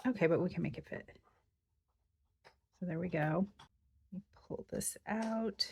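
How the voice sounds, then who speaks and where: A woman's voice: lowish voice, measured pace, gravelly, a little mellow, a little hiss or hum. A woman hosting a craft tutorial, chatting casually and thinking aloud as she works. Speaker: crafting channel host.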